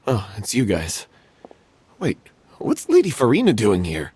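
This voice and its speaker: A man's voice: on the low side, huge pitch swings, unhurried, a little mellow, slight background noise. A man voicing a worried young stage actor in a video game, earnest and hesitant, stumbling over his words. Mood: uneasy.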